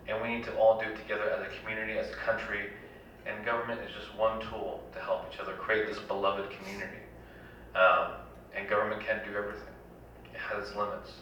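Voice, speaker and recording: A man's voice: lowish voice, bright, forceful tone, slight background noise. A man giving an earnest, rallying town hall campaign speech, stacking repeated phrases, in a community center hall. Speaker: congressional candidate. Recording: echoey hall, dull lo-fi, from far off.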